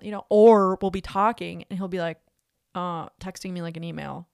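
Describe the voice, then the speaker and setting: A woman in her twenties chats casually about her dating life and acts out every exchange in lively little quotes. Her voice sits in a middle register and is recorded close and dry, with no room around it. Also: medium pitch, a little fast, creaky, no room sound. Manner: animated storytelling, full of acted-out quotes, swears freely. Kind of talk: casual chat.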